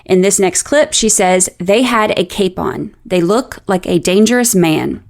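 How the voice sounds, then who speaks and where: A woman hosting a true-crime show, narrating a scripted account in a measured, explanatory way with a lightly sardonic edge. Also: mid-range voice, animated, creaky. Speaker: podcast host.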